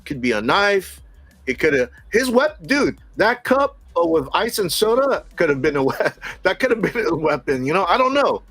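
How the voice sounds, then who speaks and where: A middle-aged man casually telling a story from work, animated, laughing often and acting out what people said. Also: sits high, normal speed, dry recording.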